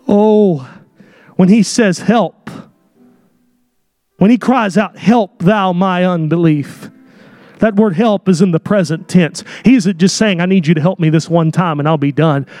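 A man preaching a sermon in a church, speaking in an emphatic, impassioned way that swells into shouts, with direct, folksy wording. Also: high voice, measured pace, long pauses, no room sound, clean studio sound. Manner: folksy, direct, with casual slang. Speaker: pastor. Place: church sanctuary.

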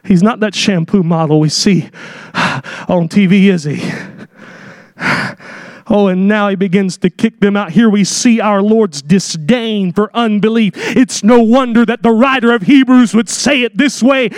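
A man preaching a sermon with dramatic delivery, acting out the people in his story and rising to shouts at his key points. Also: high voice, normal speed, dry recording, clean studio sound.

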